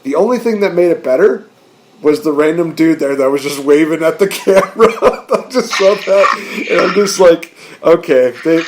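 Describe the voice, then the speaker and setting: A man hosting a podcast, chatting excitedly, laughing and rambling as he recaps. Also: on the high side, normal speed, noisy background. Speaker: podcast host. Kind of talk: casual chat.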